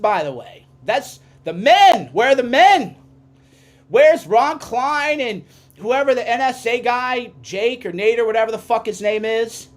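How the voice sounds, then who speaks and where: A man hosting a podcast, giving an impassioned ranting monologue that swings from quiet musing to shouting. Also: very high-pitched. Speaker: podcast host.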